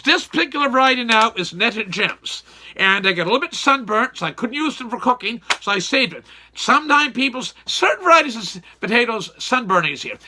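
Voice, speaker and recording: A folksy man talks gardening in a loose, rambling way, circling back and repeating his points. His voice sits high for a man and rings very bright and sharp. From Nova Scotia, Canada. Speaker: gardening channel host. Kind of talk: casual how-to gardening chat.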